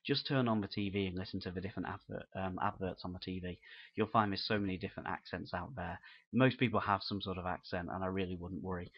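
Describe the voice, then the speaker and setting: This UK man talks quickly in a low-pitched voice with fairly even intonation, and the audio has its highs cut off. He's delivering an unscripted business marketing lesson in an earnest, encouraging, conversational way.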